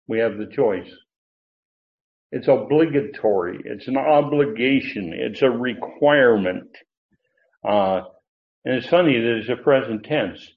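On tinny, phone-like audio, a male pastor with a medium-pitched voice preaches an expository sermon at an unhurried pace. His manner is teacherly, and he lifts his voice to stress key words.

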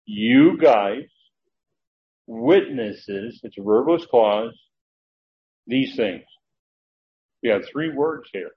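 A man's voice: mid-range voice, very slow, long pauses, a little hiss or hum. A man teaching scripture in a conversational, meandering manner with frequent fillers. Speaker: Bible teacher. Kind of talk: sermon. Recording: dull lo-fi recording with faint ambience.

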